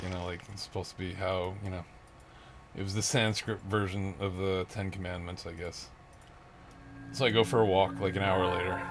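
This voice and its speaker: A man ranting in a rambling monologue, out of breath, restarting often and laughing bitterly between thoughts. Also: low voice. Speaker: vlogger. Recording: noisy background with vehicle sounds.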